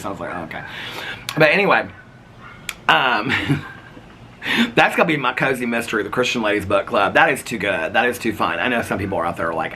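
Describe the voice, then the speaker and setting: Middle-aged male vlogger, sassy storyteller, animated melody, bright timbre. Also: a little fast, pauses often, a little hiss or hum. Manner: sassy, gossipy, laughs often, mimics others in higher voice. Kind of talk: casual storytelling vlog.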